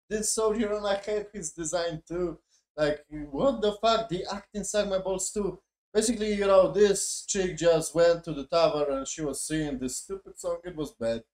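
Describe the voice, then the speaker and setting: A man's voice: fairly high pitch, darkish tone. A man reviewing a show in a profane, mocking, exasperated casual rant. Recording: echoey room.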